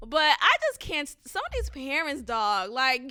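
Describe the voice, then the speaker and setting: A young adult woman hosting a podcast, ranting casually in an animated, profane way that flares into loud outbursts. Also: high-pitched, unhurried, no echo, studio quality. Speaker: podcast host. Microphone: close studio mic.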